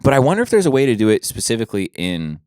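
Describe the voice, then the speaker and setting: A man's voice: medium pitch, huge pitch swings, very fast, a little mellow, smooth, dry recording, studio quality. A young man co-hosting a podcast, chatting casually and rambling with lots of fillers. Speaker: podcast co-host. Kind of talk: casual chat. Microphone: studio mic.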